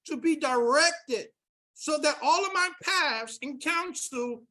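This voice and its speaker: A woman delivering a sermon in a high, bright voice. She reads scripture aloud and presses her points by repeating key words. Her delivery climbs to near-shouts. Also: animated, slow. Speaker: preacher.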